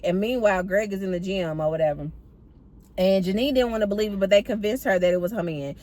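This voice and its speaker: A woman's voice: mid-range voice, fairly quick, a little mellow, slight background noise. A woman chatting animatedly to her viewers as she recaps a TV episode, apparently from a car. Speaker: TV recap vlogger. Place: in or by a parked car.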